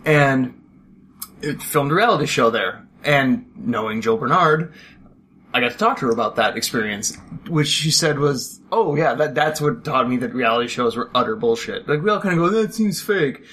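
A man's voice: mid-range voice, lively intonation, moderate pace, a bit bright, slight background noise. A man in the middle of a casual podcast chat, telling a long rambling anecdote. He acts out the people he quotes and breaks into laughter as he goes. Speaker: podcast co-host. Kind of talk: casual chat about a film.

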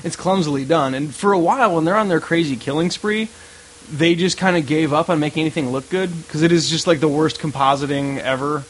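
A man's voice: a little high, brisk, slight background noise, rough recording. A man co-hosting a podcast, casually reviewing a movie and rambling through scenes. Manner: rambling, animated retelling of scenes. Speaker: podcast co-host.

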